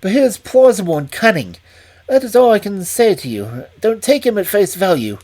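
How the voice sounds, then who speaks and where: A man's voice: high voice, sing-song, moderate pace, a little mellow, voice pushed up. A man voicing a breathless, frantic estate manager. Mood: urgent. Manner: breathless, urgent, emphatic. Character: nervous, frightened thin male estate manager.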